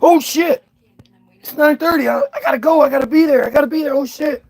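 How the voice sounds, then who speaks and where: A man voicing a confused young man in a raised, panicky voice. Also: fairly quick. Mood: panicked. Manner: high, squeaky, panicky.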